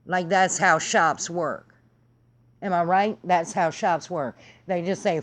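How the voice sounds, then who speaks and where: A woman's voice: fairly low pitch, steady tone, slow. A woman vlogging to camera in a heated, sarcastic and profane rant. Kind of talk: angry vlog rant.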